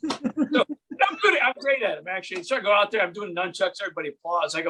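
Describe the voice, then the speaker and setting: A man's voice: high-pitched, animated, quick pace, bright, forceful tone, slight background noise. A man doing a stand-up comedy set from home, telling true stories and putting on voices for the people in them. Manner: storytelling with acted voices and bursts of laughter.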